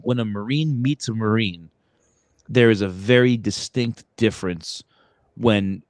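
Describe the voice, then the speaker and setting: A man with a lowish voice hosts a casual podcast chat. He rambles through a story, full of fillers and restarts. The sound is dry and close. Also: a little mellow, no echo. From Brooklyn, New York. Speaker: podcast host.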